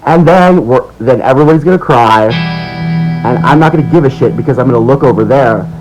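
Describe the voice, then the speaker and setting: An American man delivering an angry, sarcastic, profane political rant as the host of his own video monologue, swinging between low mutters and loud outbursts. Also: fast, over music, low-quality recording. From United States. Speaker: political commentator.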